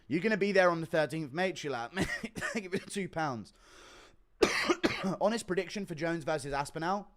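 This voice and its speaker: Crude laughing streamer. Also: male voice, fairly high pitch, lively intonation, a little fast. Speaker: streamer host. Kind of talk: live stream reading donations.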